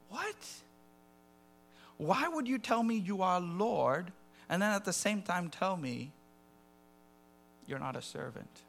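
A man preaching a sermon, animated and conversational, dropping to soft asides and rising to loud acted quotes. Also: a little high, vocal fry, slight background noise.

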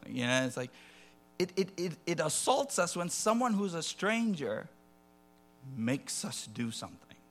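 A man preaching a sermon, animated and conversational, dropping to soft asides and rising to loud acted quotes. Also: on the high side, measured pace.

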